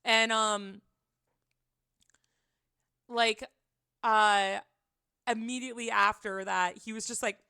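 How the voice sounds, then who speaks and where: A woman's voice: on the high side, steady tone, takes it slowly, creaky, long pauses, sharp tone, clear, resonant tone, no echo, clean studio sound. A young woman livestreaming, casually telling a rambling personal story full of filler words. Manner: chatty, rambling, lots of "like" fillers.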